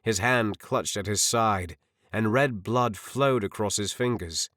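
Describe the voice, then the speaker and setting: Man reading a fantasy audiobook, lowish voice, slow and expressive, dry close mic. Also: no echo. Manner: expressive, measured storytelling. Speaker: audiobook narrator. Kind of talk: scripted narration.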